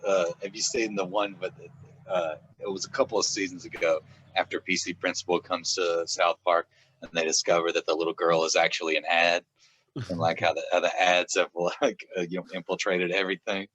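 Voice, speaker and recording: A man's voice: low voice, level tone, fairly quick, fairly bright tone, husky. A man talking casually on a podcast, a rambling storyteller who laughs a lot and often restarts his sentences. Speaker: author guest. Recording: dull, dry lo-fi sound.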